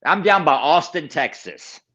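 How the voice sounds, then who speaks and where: A man's voice: fairly high pitch, big pitch swings, a little slow, sharp tone, lo-fi sound. A man guest telling his personal recovery story in an interview. He is an emphatic storyteller who repeats key phrases and acts out other people's lines. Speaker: podcast guest.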